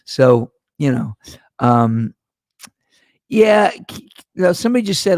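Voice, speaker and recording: A middle-aged man hosts his own podcast in a loose, rambling monologue, swearing freely and wandering off topic. His voice has a gravelly edge, and the sound is dry and close with no room around it. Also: a little high, very animated, measured pace, long pauses, a little mellow, no room sound. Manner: rambling, profane, digressive. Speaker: podcast host. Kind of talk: casual monologue.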